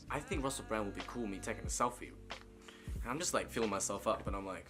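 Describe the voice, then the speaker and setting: A young man in a loose, chatty storytime vlog, swearing freely and checking in with "right?". His voice sits somewhat low. Music plays clearly behind him. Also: fast talker. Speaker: vlogger. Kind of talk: storytime monologue.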